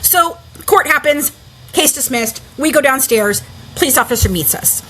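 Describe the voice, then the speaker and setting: A woman, an interview guest, telling a story in casual, animated talk full of "like" fillers. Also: high voice, normal speed, slight background noise, low-quality recording.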